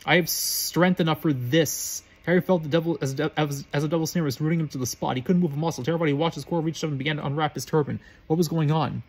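A man reading a story aloud, quickly and with frequent stumbles and restarts. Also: on the high side, steady tone, a little mellow, slightly rough. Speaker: reader.

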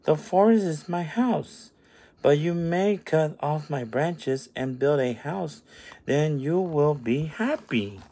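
A loving storybook apple tree, as a man reads her lines, tender and coaxing. The voice climbs high and swoops widely when calling out, and stays slow and soft. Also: expressive, full character voice. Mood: apologetic.

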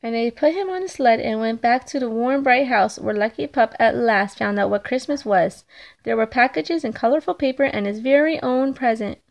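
A woman reading a children's picture book aloud, slow and clear. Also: on the high side. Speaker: storybook reader.

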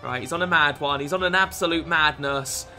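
A man's voice: fairly high pitch, fairly quick, faint music behind. Sweary young British man commentating gameplay. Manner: excitable, sweary, frequent exasperated outbursts. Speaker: gaming YouTuber.

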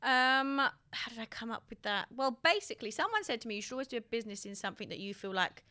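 A woman's voice: fairly high pitch, expressive, fast talker, pushed and bright. A woman guest on a podcast chatting in an enthusiastic, rambling way. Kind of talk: casual chat.

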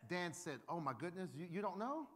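A man with a high voice preaches briskly, weaving humorous stories into his sermon. He's lively and acts out the voices of the people he quotes.

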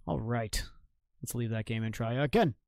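Young male streamer, jokey and profane, mid-pitched, dry close sound. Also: normal speed, vocal fry, darkish tone, dry recording. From Maine, United States. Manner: joking, swears freely, reacts to chat. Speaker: game streamer. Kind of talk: casual live-stream chat while gaming.

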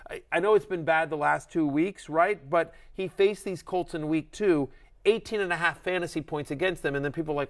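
A middle-aged man hosting a fantasy football show, talking fast and animated, acting out voices as he rants. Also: a little high. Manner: animated, ranting, acts out quoted voices. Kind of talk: excited sports analysis chat.

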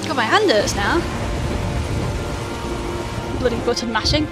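A woman's voice: a little high, expressive, unhurried, pauses often. A woman casually commenting on a game she plays, chatty and self-mocking. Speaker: let's play host. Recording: loud game music behind.

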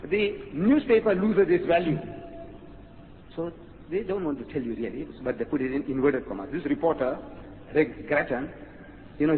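A high-voiced man lectures to a hall, his pitch leaping as he fires off rhetorical questions. The recording is tinny and lo-fi, with a long hall echo and faint hiss. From South Africa. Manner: animated, rhetorical questions, acts out quotes. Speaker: religious lecturer. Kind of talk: public lecture.

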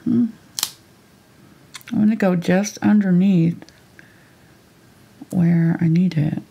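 A woman teaching a live painting tutorial step by step, thinking aloud as she works in a relaxed, chatty way. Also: on the low side, creaky, a little hiss or hum. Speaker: painting instructor.

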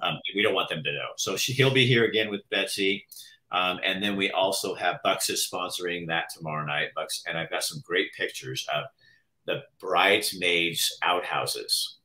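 A man's voice: low voice, moderate pace, sharp tone, rough recording. A man hosting a live show, teasing and joking through casual banter. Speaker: show host. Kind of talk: casual live-stream chat.

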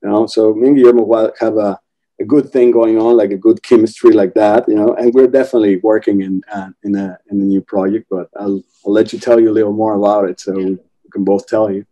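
A man's voice: lowish voice, steady tone, fast talker, warm tone. A man, a film director talking casually in a podcast interview, rambling with many restarts. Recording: dull lo-fi remote audio.

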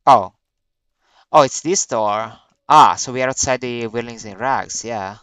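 A man's voice: medium pitch, unhurried, a bit bright, clear, resonant tone, no echo. A man playing a video game, reading its text aloud and thinking aloud in a hesitant, musing way. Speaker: let's play gamer.

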